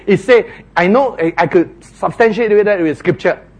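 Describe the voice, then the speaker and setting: A man preaching a sermon, retelling a story dramatically with shouted voices for its characters. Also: high-pitched, normal speed.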